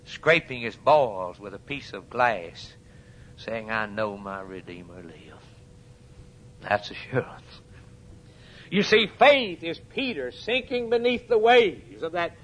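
A man preaching with fervent, emphatic delivery. His voice sits a little high for a man, and he swings from hushed, dropped lines to sudden loud urgent peaks. He asks his listeners questions directly. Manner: addresses the congregation directly with questions. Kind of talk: sermon.

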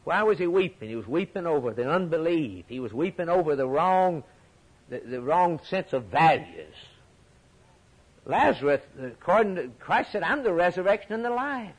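A man preaching a sermon with passion, dropping low and quiet, then rising high and loud on key points, often repeating words. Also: big pitch swings, normal speed, slightly rough, low-quality recording. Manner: repeats words when stirred.

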